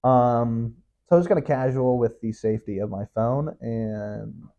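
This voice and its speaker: Young male podcast host, solo, mellow tone; loose, self-mocking, wandering delivery. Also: medium pitch, unhurried, lo-fi sound. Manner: rambling, self-mocking, joking asides. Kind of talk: casual solo monologue.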